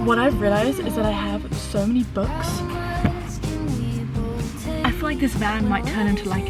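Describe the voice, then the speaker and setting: A young woman talking casually to her camera in a vlog, chatty and excitable. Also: mid-range voice, poor audio. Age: young adult. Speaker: vlogger. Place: van and outdoors. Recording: loud background music.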